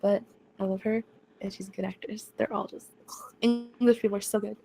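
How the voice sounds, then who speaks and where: A woman's voice: medium pitch, flat delivery, brisk, vocal fry, warm tone, faint music behind. A woman co-hosting a casual podcast chat, talking in a gushing, chatty way and laughing often. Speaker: podcast co-host.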